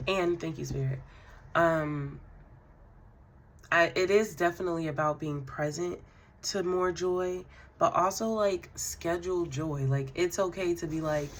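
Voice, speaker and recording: Speaking straight to the listener, a woman reads tarot cards for a spiritual reading, relaxed and affirming, dropping in fillers and gentle laughter. She talks at a measured pace in a fairly low pitch.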